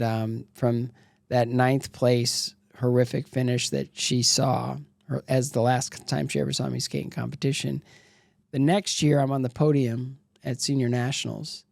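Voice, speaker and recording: Gravelly man telling stories in an interview. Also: medium pitch, a little mellow, no room sound. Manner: candid, rambling, acts out quoted voices. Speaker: interview guest, former figure skater. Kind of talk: casual storytelling interview.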